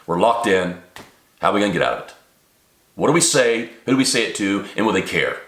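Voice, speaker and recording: A man's voice: fairly low pitch, sing-song, a little fast, fairly bright tone. A middle-aged man ranting to camera in an agitated monologue, his voice climbing sharply when he gets worked up. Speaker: video maker. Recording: echoey room.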